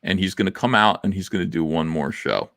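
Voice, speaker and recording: Middle-aged man, low voice, dry close sound, rambling casual livestream talk. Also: fairly quick, vocal fry, fairly bright tone, no echo. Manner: rambling, blunt, with many fillers. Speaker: livestream host.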